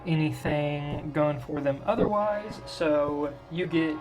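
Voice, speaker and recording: A man's voice: on the high side, slow, over loud music. A man running a tabletop game as dungeon master, describing the action loosely with lots of "like" and "uh" fillers.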